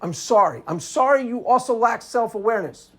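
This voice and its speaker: A man's voice: very high voice, animated, brisk. Male video commentator, unscripted monologue, sarcastic and combative, hammers each point twice.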